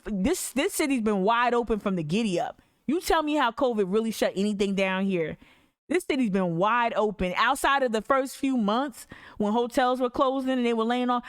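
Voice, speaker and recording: Fired-up woman podcast host, smooth voice. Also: on the high side. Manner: profane, fired-up ranting, reading articles aloud. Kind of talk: casual livestream commentary.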